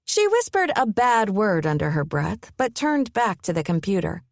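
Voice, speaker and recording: A woman narrating a romance audiobook in an expressive, measured reading. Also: medium pitch, vocal fry, dry recording, clean studio sound. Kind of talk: scripted narration.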